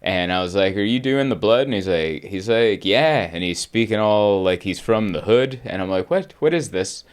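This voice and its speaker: A man with a low speaking voice tells a funny story on a podcast in easy, casual chat. He shifts into the voices of the people he quotes as he goes. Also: normal speed, clear, resonant tone. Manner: animated storyteller, acts out quotes with jumps in pitch. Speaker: podcast host and comedian.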